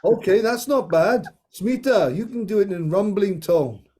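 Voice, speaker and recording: A man leads a group through a scripture story, reading slowly with unhurried pauses. His voice sits high yet sounds soft and mellow. He breaks off now and then for playful asides. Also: animated, husky.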